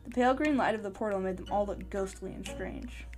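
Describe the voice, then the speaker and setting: A podcast host reading a short adventure story aloud in an eager storytelling manner. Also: female voice, medium pitch, a little fast, a little mellow, soft background music. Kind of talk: storybook narration.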